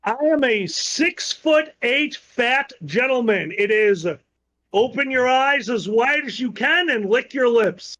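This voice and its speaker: A man putting on a squeaky pompous gentleman. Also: animated, heavily acted. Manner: slow, high, affected delivery. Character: pompous self-proclaimed large gentleman.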